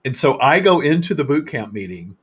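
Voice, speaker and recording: A man hosting a casual live-stream chat, telling stories in an animated way and laughing often. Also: mid-range voice, a little fast, breathy edge. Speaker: host.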